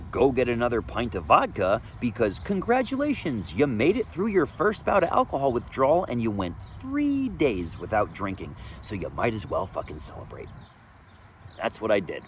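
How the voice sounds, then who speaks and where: A man telling his own story in a candid, profane monologue outdoors, swinging between loud emphasis and low muttering. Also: a little hiss or hum. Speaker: vlogger sharing his recovery story. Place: outdoors, sunny day.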